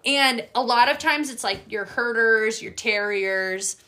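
A woman dog trainer hosting a casual chat, animated, swearing freely and acting out what dogs would say. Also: on the high side, a little slow. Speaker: dog trainer and podcast host.

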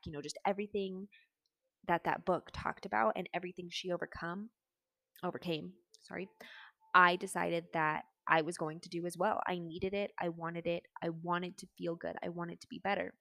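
Earnest young woman with a gravelly voice. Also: fairly low pitch, steady tone, normal speed, a bit bright, no echo. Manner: candid, earnest, with fillers like "like" and "um". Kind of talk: personal story, casual talk.

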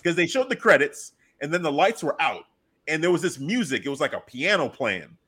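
A man in casual podcast chat, excitedly retelling a wrestling segment and acting out his own reactions. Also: a little high, fairly quick, husky.

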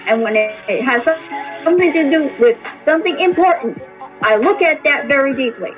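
Blunt, swearing woman with a high voice. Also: lively intonation, a little fast, over music, low-quality recording. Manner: blunt, repetitive, profane, emphatic. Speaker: tarot reader and podcast host. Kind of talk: casual spoken monologue.

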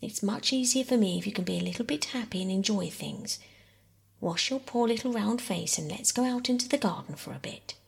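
A woman softly voicing a weary, tender mother in a whispered role-play reading. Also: mid-range voice, animated, brisk, creaky, breathy edge, heavily acted. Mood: gentle. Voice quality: soft whisper. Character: weary, tender mother, grieving but firm.

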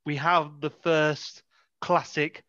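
A man co-hosting a podcast runs through a film with a bright, forceful, slightly high voice, sarcastic and energetic. The audio is dry and a little dull. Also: dry recording. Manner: sarcastic, energetic, quick to laugh. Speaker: podcast co-host. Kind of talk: casual film review chat.

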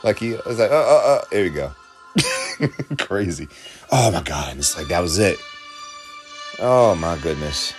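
Excitable man reacting to a film. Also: low-pitched, measured pace, long pauses, faint music behind. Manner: emotional, exclaiming, laughing often. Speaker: reaction video host.

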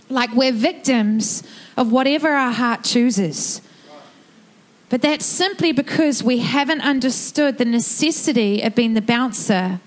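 A middle-aged woman, preaching a sermon with animated, emphatic storytelling. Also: high voice. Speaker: pastor.

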